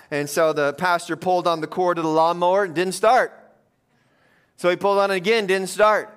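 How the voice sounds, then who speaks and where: A man's voice: high-pitched, fairly even intonation, quick pace, fairly bright tone, clear, resonant tone. A man preaching a conversational sermon, telling funny stories to his congregation. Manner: conversational, joking storyteller. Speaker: pastor.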